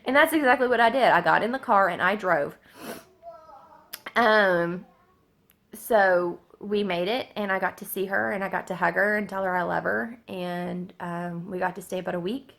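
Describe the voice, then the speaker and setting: A woman, telling a personal story in a halting way, with many fillers and restarts. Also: lowish voice, fairly even intonation, a bit bright. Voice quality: gravelly. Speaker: vlogger.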